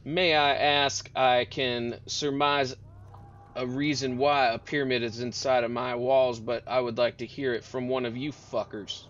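A man's voice: medium pitch, flat delivery, a little slow, fairly bright tone, lightly acted. A man voicing a blunt, swearing female boss of a fort in a tabletop game, on dull lo-fi audio. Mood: exasperated. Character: foul-mouthed tough female fort boss. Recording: dull lo-fi audio, faint noise.

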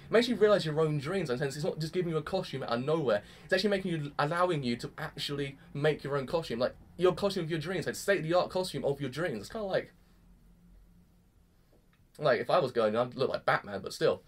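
A young man rattles off an excitable, gushing anime review at a rapid clip. His voice sits a bit high for a man, and his casual, enthusiastic talk is full of "freaking".

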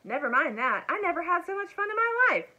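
A woman voicing a brave, eager young boy in a storybook read-aloud, talking in an urgent, excited way. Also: high voice, a little fast, lo-fi sound, pitched above the performer's own voice, full character voice.

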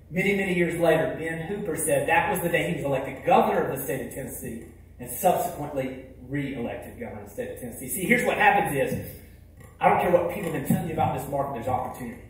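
A man tells a motivational story from the stage, high-voiced for a man. He hits some lines hard and drops others to a hush. The sound is echoey, like a big hall heard from far off. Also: expressive, fast talker. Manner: emphatic, swings between loud punches and hushed lines. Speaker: keynote speaker. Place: large hall.

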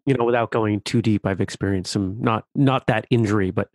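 A man's voice: fairly low pitch, brisk, darkish tone, no echo, studio quality. A man hosting an interview podcast, speaking with empathy and repeating words as he gathers his thoughts. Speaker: podcast host. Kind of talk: casual interview.

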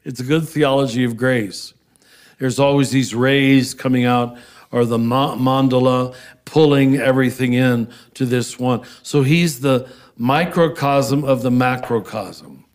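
A Franciscan priest, a man, explaining theology in an unhurried, earnest conversational interview. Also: mid-range voice. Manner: earnest, animated, breaks into soft laughs.

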